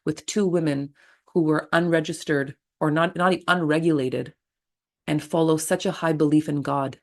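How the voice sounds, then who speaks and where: A low-pitched middle-aged woman with a gravelly edge tells candid stories as a podcast guest. She is blunt and lively and swears without pausing. She talks as a birth attendant recounting what she has lived through. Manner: blunt and animated, swears freely. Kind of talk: candid storytelling interview.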